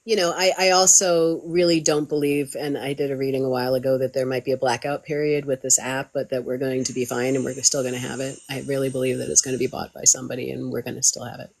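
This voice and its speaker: A woman tarot reader hosting a casual spiritual chat, upbeat and animated, her voice jumping high when she gets excited. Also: fast talker, few pauses.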